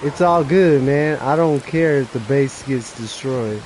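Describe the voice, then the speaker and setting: Slow-talking excitable male game streamer. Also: mid-range voice, a little hiss or hum, rough recording. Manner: excitable, nervous exclamations while playing. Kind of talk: live gameplay commentary.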